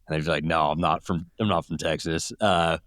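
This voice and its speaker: A man's voice: rumbling low, fairly even intonation, fairly quick, fairly bright tone, no echo, studio quality. A male journalist from California with a Californian accent, rambling as a guest and acting out people he met. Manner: rambling, acts out quoted people. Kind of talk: casual interview talk.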